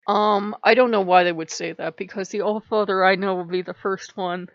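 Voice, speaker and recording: A woman's voice: mid-range voice, steady tone, normal speed, no echo, dull audio. A woman vlogging in a casual, impassioned way, tearful and crying on and off, often apologizing as her voice breaks. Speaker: vlogger on her own faith channel. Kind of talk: casual emotional vlog talk.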